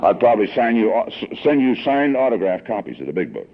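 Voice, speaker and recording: A man's voice: lowish voice, big pitch swings, fast, a little hiss or hum. A man in his sixties telling his recovery story to a meeting, in a folksy, emotional storytelling manner, on an old tinny tape recording. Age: 60s. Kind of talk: personal recovery talk to a meeting. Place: meeting hall.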